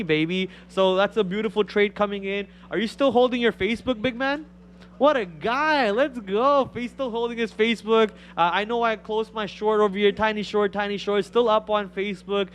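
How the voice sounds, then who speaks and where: A man from India, a Telugu speaker, hosting a live stock trading stream with excitable, joking chat. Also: high-pitched, a little hiss or hum.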